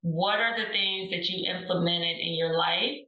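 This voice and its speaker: A woman's voice: fairly low pitch, a little slow, sharp tone, far from the mic, dull audio. A woman hosting a podcast, affirming her guest with brief agreeing replies. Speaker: podcast host. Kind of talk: casual podcast chat. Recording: echoey room, off-mic.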